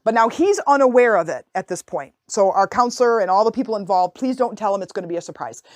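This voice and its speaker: A woman podcast host with a mid-range voice tells a personal story in a lively, conversational way, her voice jumping up when she gets excited. The sound is dry and close, with no room echo. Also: mid-range voice, fast. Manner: expressive, lively storyteller with sudden excited rises; conversational with fillers and restarts. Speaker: podcast host and life coach.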